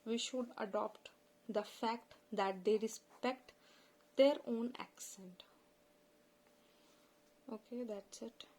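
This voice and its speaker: A woman from India with a Punjabi accent, hosting an informal spoken lesson in a slow, earnest, plain-spoken way. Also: a little high, fairly even intonation, darkish tone, rough recording. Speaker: channel host.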